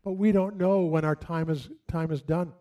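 A middle-aged man preaching a sermon as a pastor, telling stories in a conversational way with dramatic pauses. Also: on the high side, steady tone, mellow.

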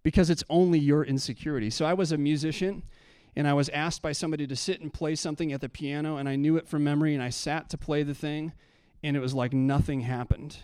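A pastor preaching a sermon, telling a personal story and building to impassioned preaching. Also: male voice, a little high, steady tone, fast talker, few pauses, a little mellow, clear, resonant tone, no echo, clean studio sound.

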